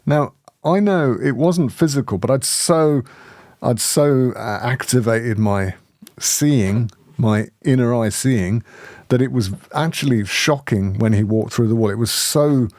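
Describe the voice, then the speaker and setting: A man hosting a spiritual community, telling a personal story in lively conversation, often laughing and restarting his sentences. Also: medium pitch, a little slow, no room sound, clean studio sound.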